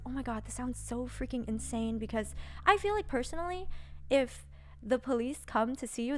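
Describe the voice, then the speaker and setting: A young woman streamer telling a story casually, animated, with lots of "like" and some swearing. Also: on the high side.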